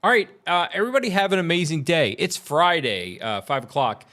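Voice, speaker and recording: A man with a high-leaning, expressive voice speaks a little fast in a sharp tone. He's a tech vlogger in a casual chat, wandering through thoughts on audio gear and his plans with many fillers and relaxed laughter.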